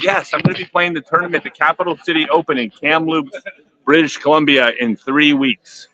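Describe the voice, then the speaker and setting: An older man, out of breath and excited, chatting casually with viewers on a live stream from a tournament vendor area. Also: fairly high pitch, fairly quick, muffled recording, a crowd in the background. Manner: excited, chatty, reading viewer questions aloud. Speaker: disc golfer streaming live.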